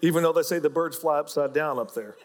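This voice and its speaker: A man's voice: a little high, fast talker, long reverb tail. A man with an Oklahoma accent preaching a sermon, folksy and joking as he teaches. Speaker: pastor.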